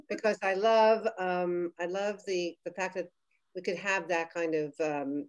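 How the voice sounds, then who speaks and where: Woman guest judge, effusive, rambling, lower register. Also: moderate pace. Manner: gushing, rambling, restarts often. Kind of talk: casual judging on a video call. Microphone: video call.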